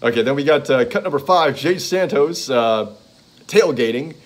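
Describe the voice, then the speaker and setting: A man of ordinary pitch talks casually through a list of comedy tracks. He rambles, trips over titles and fills gaps with ums and uhs. He chuckles now and then as he goes. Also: lively intonation, normal speed. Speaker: fan reviewing comedy CDs. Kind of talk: casual monologue listing tracks.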